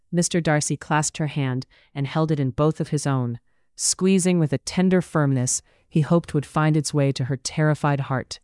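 An audiobook narrator reading a period romance in an even, measured way, close to the mic. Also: medium pitch, clear, resonant tone, dry recording. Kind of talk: scripted narration.

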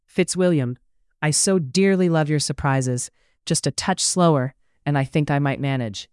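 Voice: mid-range voice, normal speed, a little mellow, clear, resonant tone, no echo, clean studio sound, natural voice. An audiobook narrator voicing an affectionate, playful young wife.

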